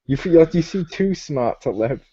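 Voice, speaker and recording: Man host, mellow dark tone, slightly high, animated storyteller, lo-fi dull sound. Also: moderate pace, breathy edge. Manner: animated storyteller, acts out game characters' lines. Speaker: podcast host. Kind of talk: casual chat. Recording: dull lo-fi home recording.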